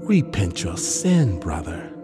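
A man doing a hushed, stern temple elder. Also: low-pitched, sing-song, slow pace, over music, heavily acted. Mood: reproachful. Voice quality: hushed, reproachful.

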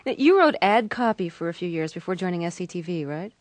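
A woman's voice: lowish voice, animated, quick pace, noisy background. A woman hosting an interview, asking questions lightly and with curiosity. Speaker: interviewer host. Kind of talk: radio interview.

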